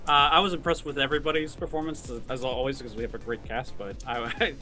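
A man's voice: medium pitch, fairly even intonation, fast talker, sharp tone, faint music behind. A man tabletop player in casual chat, amused and laughing as he retells a moment.

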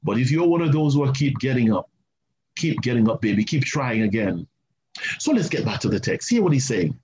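A male pastor preaching a sermon, animated and repetitive, with asides to the congregation. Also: mid-range voice, a little fast, slight background noise. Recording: roomy, slightly muffled church recording.

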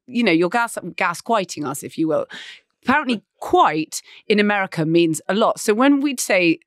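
Lively woman podcast co-host. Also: on the low side, dry recording, studio quality. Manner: animated, quick asides and laughs. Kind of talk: casual chat.

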